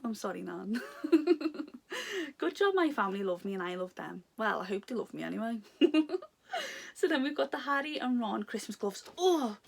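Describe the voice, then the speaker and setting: A woman's voice: a little high, very animated, normal speed, vocal fry, husky. A young woman talks her way through an unboxing in a loose, casual chat. She gushes over each item, giggles often and drifts off topic. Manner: chatty and giggly, rambling off topic, gushing. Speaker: vlogger unboxing a subscription box.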